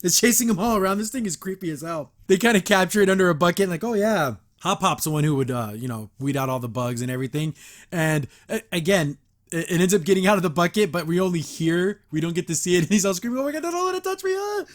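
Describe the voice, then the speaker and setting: A man's voice: sits high, fast talker. A man hosting a casual episode review, rambling with lots of fillers and frequent laughs. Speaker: show reviewer and podcast host.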